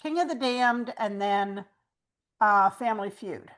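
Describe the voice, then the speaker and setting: A woman's voice: mid-range voice, a little slow, a bit bright. A woman hosting a casual fan chat, explaining plot details at length. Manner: recaps plots at length, explanatory. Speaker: host.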